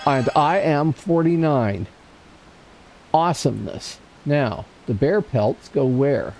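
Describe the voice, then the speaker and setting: A man's voice: a little high, animated, takes it slowly, a little mellow, faint music behind. A man casually commenting on his gameplay on a livestream, chatting to himself and to viewers in chat. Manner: chatty, talks to himself and chat while playing. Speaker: livestream gamer.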